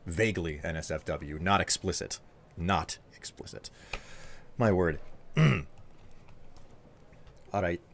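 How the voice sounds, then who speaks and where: Low-voiced man bantering on a live stream. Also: slow pace, gravelly, pauses often, slight background noise. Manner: playful, teasing, thanks viewers by name. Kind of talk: casual live-stream chat.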